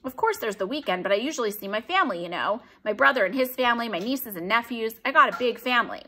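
A woman's voice: fairly high pitch, lively intonation, fast talker, sharp tone. A woman voicing a cheerful chatty janitor. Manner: upbeat, friendly, talkative. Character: cheerful chatty middle-aged male school janitor.

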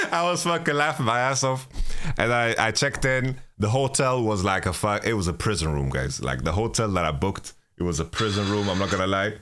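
Brisk and expressive, the man's lowish voice carries a touch of brightness as he hosts his own podcast. His travel story is loose and rambling, peppered with swearing, restarts, and repeated "you know."

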